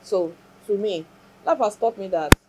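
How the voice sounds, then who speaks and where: A woman's voice: medium pitch, a little slow, dark tone, husky, low-quality recording. A woman, speaking as an interview guest and earnestly, reflectively recounting a hard time in her life and her faith. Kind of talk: emotional personal testimony.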